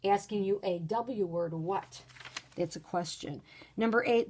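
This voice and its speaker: A woman teaching a recorded grade-school lesson, patient and clear, sometimes reading example sentences with lively exclamations. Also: mid-range voice, unhurried, a little hiss or hum. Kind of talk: recorded video lesson for children.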